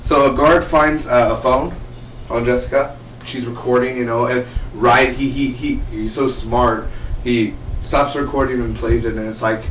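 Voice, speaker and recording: Casual male TV reviewer, rambling and animated, echoey room with faint noise behind. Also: medium pitch, moderate pace. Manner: rambling, animated, acts out characters' lines. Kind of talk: casual episode recap. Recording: roomy, distant from the mic, faint noise.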